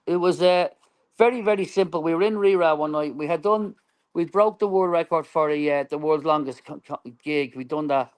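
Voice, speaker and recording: Male guest musician, slightly high voice, lively anecdotal storyteller. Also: a little fast, smooth. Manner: animated, acts out quoted dialogue, laughs often. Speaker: band member guest. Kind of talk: storytelling in an interview.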